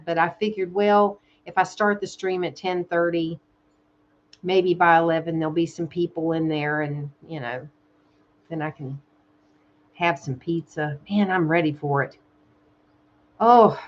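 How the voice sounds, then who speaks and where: A woman with a Southern American accent chatting casually on a live stream from her home, soft-spoken and openly emotional. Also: fairly low pitch, lo-fi sound. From Southern United States. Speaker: ASMR channel host. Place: home in Thailand.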